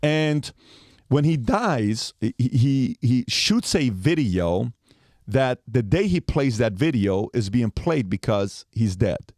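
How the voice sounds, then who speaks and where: A man's voice: medium pitch, very animated, slow, a little mellow, no room sound, studio quality. A man in his forties telling a long story as a podcast guest, acting out the quoted lines as he goes.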